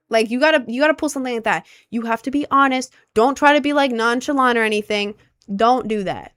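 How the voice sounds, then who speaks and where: A young adult woman livestreaming in a casual, rambling chat, giving frank and animated advice with many fillers. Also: a little high, fast, no echo. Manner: chatty and rambling, heavy on filler words.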